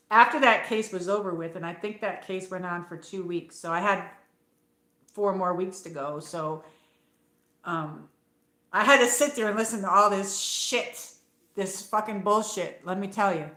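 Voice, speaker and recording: A woman's voice: medium pitch, unhurried, a bit bright, reverberant. A woman from upstate New York with her regional accent, hosting a late-night livestream and telling a rambling story full of fillers and the odd swear word. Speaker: livestream host. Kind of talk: casual chat. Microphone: phone.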